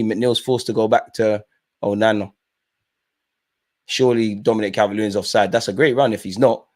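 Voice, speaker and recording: A young man hosting a live football watch-along, commentating casually with slang and shouting at the referee. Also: lowish voice.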